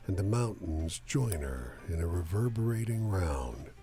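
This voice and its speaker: A man narrates a game story in a slow, measured way. His low voice rises and falls expressively, with faint music underneath. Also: lively intonation, warm tone. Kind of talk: scripted narration.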